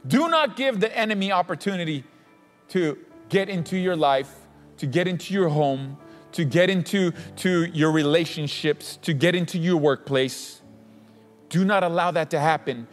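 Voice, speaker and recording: A man's voice: a little high, moderate pace. A man preaching in an emphatic way, repeating phrases to drive points home. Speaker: co-host teaching on faith. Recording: long reverb with faint music behind.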